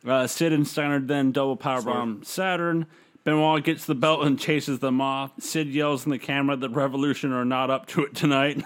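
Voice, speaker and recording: A man's voice: mid-range voice, steady tone, normal speed, few pauses. A man casually recapping a wrestling show on a podcast, rambling with fillers. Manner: loose, rambling recap with fillers and quoted voices. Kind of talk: casual chat, play-by-play recap.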